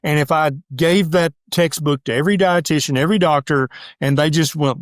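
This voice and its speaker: A middle-aged man speaks in a lively, emphatic manner, with a voice that sits slightly high for a man. He fires off his points quickly and slips into the voices of imagined critics. The sound is close and dry. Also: no echo. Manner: emphatic, rapid-fire, acts out voices of critics. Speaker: doctor and guest. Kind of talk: animated casual interview talk.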